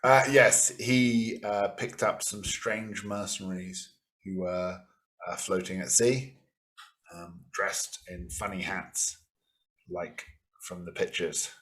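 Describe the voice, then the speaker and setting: A man's voice: deep voice, fairly even intonation, slow, fairly bright tone. A Canadian man running a tabletop game as game master, rambling with lots of fillers and restarts.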